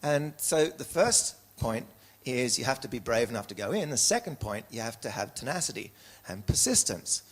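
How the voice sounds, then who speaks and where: A middle-aged man with an Australian accent spins anecdotes as an interview guest, circling back and correcting himself as he goes. His voice has a husky grain and sits at an ordinary pitch for a man. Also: moderate pace. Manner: anecdotal, animated, with self-corrections. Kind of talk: storytelling in an interview.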